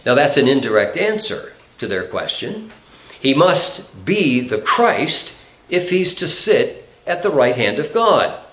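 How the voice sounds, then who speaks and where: A man preaching an expository Bible sermon, explaining the text in a measured way and reading scripture aloud. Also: medium pitch, a bit bright, reverberant, low-quality recording.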